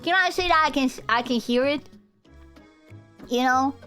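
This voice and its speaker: Brief: young woman streamer, high voice, rambling and giggly, faint music behind. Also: moderate pace, a bit bright, smooth. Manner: rambling, giggly, talks to chat. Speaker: live streamer. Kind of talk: casual live-stream chat.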